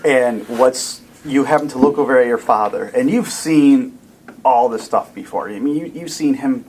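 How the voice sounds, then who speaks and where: A man's voice: mid-range voice, moderate pace, darkish tone, low-quality recording. A man narrating a tabletop game as dungeon master, telling the scene in vivid, dramatic detail. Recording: faint background noise.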